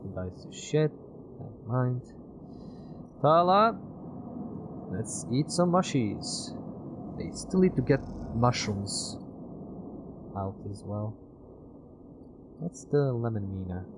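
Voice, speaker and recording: A man's voice: expressive, slow, long pauses, background noise. A man streaming a game, mumbling his moves to himself and reading the story narration aloud. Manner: mutters to himself, low and offhand. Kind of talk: let's-play commentary and narration. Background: music.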